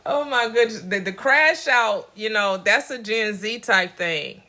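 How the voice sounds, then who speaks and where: A woman's voice: mid-range voice, measured pace, pushed and bright. A middle-aged woman hosting a casual motivational talk, emphatic and direct, laughing often between her points. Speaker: motivational channel host.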